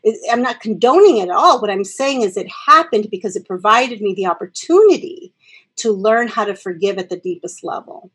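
Husky-voiced earnest woman. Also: mid-range voice, lively intonation, brisk, fairly bright tone. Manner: earnest, emphatic, swears for emphasis. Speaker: guest speaker with early education and trauma background. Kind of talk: candid conversational podcast talk.

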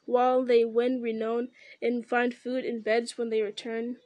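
A woman's voice: a little high, little pitch movement, measured pace, a little mellow, no room sound, lightly acted. A woman reading the lines of a proud young noblewoman warrior, pleading and bitter, close to her own voice.

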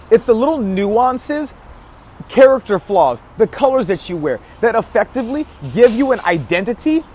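A man talking straight to his viewers about marketing in a casual vlog, leaning hard on repeated phrases and restarting sentences as he goes. His voice sits a little high for a man, and a faint hum of ambience hangs behind him. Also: a little mellow. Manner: emphatic, repeats key phrases, frequent restarts. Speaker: marketing vlogger. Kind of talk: casual marketing advice talk to camera.

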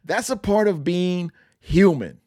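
Male podcast host teaching scripture, slow deliberate preaching, higher-pitched voice, dry close sound. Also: darkish tone, dry recording. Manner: emphatic, repeats phrases for effect. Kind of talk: preaching-style Bible teaching.

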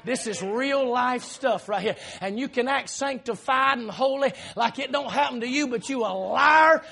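High, gravelly Southern preacher shouting. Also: male voice, moderate pace. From South Carolina. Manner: loud, storytelling preaching with frequent "uh" and shouted peaks. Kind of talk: sermon. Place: church.

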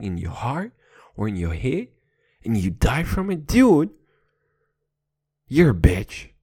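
A man's voice: on the high side, darkish tone. A young man hosting a podcast, speaking English as a second language, rambling crudely, swearing constantly and laughing at his own jokes, right up against a close microphone. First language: not English. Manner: profane, rambling, playful, laughs a lot. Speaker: podcast host. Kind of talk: crude comedic podcast rant.

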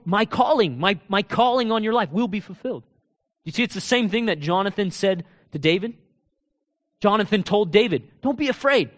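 A man with a notably high voice preaches a sermon in an animated way. He fires off rhetorical questions and drops into casual asides with his listeners. He swings from loud, ringing proclamations to low, quiet emphasis. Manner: laughs and talks casually to the congregation.

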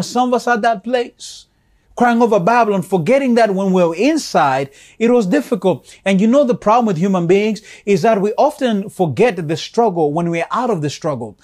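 A male preacher with a high voice delivers a fervent sermon. He repeats phrases and trips over words, swinging from ringing calls down to quiet, low asides. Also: fairly quick. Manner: passionate, repetitive, rises to calls then drops low and soft; frequent stumbles and repeated words.

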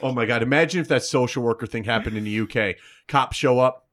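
A man co-hosting a casual podcast, making dark, sarcastic jokes. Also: mid-range voice, fast. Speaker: podcast co-host. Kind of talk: casual chat.

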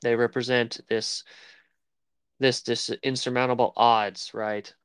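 A man's voice: mid-range voice, little pitch movement, slow pace, clean tone, no room sound. A man co-hosting a casual film podcast, rambling and searching for words as he talks. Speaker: podcast co-host. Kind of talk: casual chat about film.

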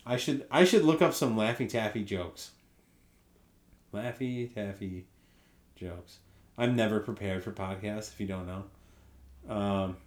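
A man's voice: lowish voice, a little mellow, echoey room. A young man hosting a solo podcast, telling rambling, profane stories with laughs in between. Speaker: podcast host. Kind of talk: casual solo podcast chat.

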